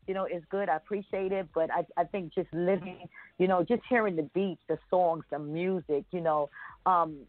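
A woman's voice: fairly low pitch, steady tone, normal speed, no echo. A woman in her fifties, a guest on a radio interview, talking loosely with many fillers and restarts. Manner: rambling, many "you know" fillers and restarts. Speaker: guest rapper. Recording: dry tinny phone-like line.

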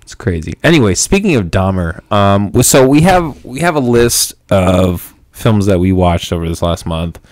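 Young male podcast host, deep, dry studio sound, self-mocking humor. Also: expressive, moderate pace, hardly any pauses, a little mellow, dry recording. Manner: joking and self-mocking, laughs often. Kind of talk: casual chat. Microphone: studio mic with headphones.

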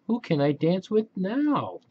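A cheerful little girl duck who adores dancing chirps in a high, singsong storybook voice, as a man reads her aloud. Her voice rises and falls eagerly. The recording is a little dull and lo-fi. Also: measured pace, breathy edge, exaggerated voice. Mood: excited. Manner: singsong and excited.

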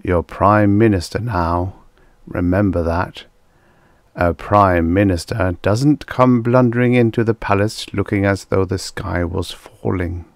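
A man voicing a calm, scheming emperor. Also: low voice, measured pace, dry recording. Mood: mocking. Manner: calm, even, quietly mocking. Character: calm scheming male emperor, mocking and cunning.

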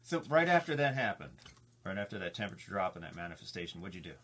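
A man hosting an interview, lively and joking, quick to react. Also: deep voice. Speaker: radio show host. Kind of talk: casual interview talk.

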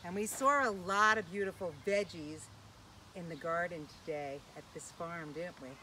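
A woman's voice: fairly low pitch, normal speed, pushed and bright, slight background noise. A woman hosting a children's sing-along lesson in a playful, sing-song way, asking young listeners questions. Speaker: children's program host.

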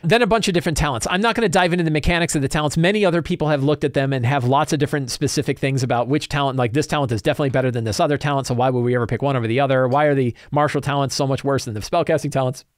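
A man's voice: medium pitch, racing, few pauses, no room sound, clean studio sound. A man hosting a tabletop role-playing talk show, giving casual solo commentary in a chatty, opinionated way with frequent restarts.

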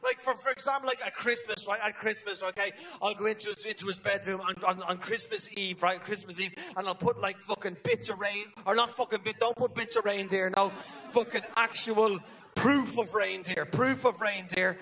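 High-voiced Irish stand-up comic. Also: male voice, steady tone, pushed and bright. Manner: rambling, profane, acts out characters in quick asides. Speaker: stand-up comedian. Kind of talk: stand-up comedy set. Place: theatre stage before a live audience. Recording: live show recording with audience noise.

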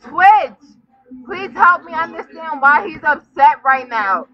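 A woman's voice: high voice, lively intonation, slow pace, faint music behind. A drunk woman livestreaming, giggling and teasing someone in repetitive casual banter. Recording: dull lo-fi stream audio.

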